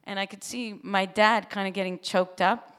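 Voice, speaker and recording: A woman, a musician, talking openly in an interview, expressive and quick to laugh. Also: medium pitch, clear, resonant tone. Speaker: musician guest. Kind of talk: interview conversation. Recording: long hall reverb.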